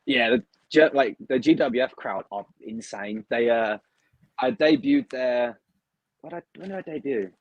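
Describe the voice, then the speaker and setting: A young man from the UK, a wrestler talking casually and excitedly in an interview, with lots of "like" fillers. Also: medium pitch, unhurried, no echo, lo-fi sound. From United Kingdom. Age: young adult. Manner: chatty, excitable, heavy use of "like". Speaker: wrestler, guest.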